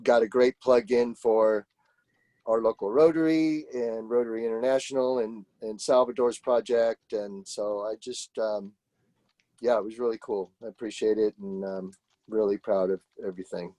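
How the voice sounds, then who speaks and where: A man talks in a humble, halting way, pausing on fillers. His tone is mellow and warm, and the sound is dry and close. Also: fairly low pitch, steady tone, dry recording. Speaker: award recipient. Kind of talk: casual meeting chat.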